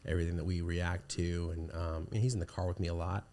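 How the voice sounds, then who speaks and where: Deep-voiced man chatting casually. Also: level tone, fast, warm tone. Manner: rambling, with many restarts and fillers. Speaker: podcast guest. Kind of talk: casual conversation.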